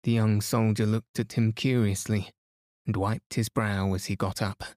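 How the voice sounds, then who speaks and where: A man reading a story aloud in a calm, soothing bedtime style. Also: fairly low pitch, moderate pace, no room sound, clean studio sound. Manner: soft, steady, soothing. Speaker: sleep podcast narrator.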